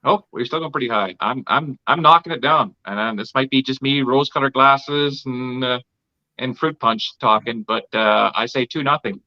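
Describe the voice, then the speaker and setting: A man's voice: mid-range voice, moderate pace, highs cut off. A man co-hosting a casual sports podcast, a chatty and opinionated fan. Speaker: podcast co-host.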